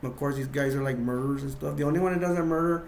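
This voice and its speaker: A man's voice: medium pitch, quick pace, gravelly, darkish tone, roomy sound, slight background noise. A man casually retelling a horror film scene by scene, rambling with restarts and acting out quotes in a raised voice. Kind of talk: casual acted-out retelling with toys.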